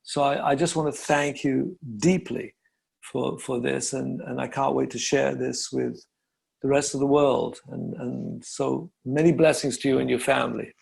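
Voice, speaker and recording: Man, very gravelly voice, husky, effusive host, stumbling restarts. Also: medium pitch, fairly even intonation. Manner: effusive, warm-hearted, halting restarts. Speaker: yoga teacher, host. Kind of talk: conversational interview.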